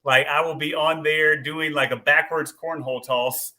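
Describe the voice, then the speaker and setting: A man hosting a casual live-stream show, upbeat and quick to agree. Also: on the high side, fairly even intonation, sharp tone. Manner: upbeat, repeats yep and agreed. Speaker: host of a live tailgating show.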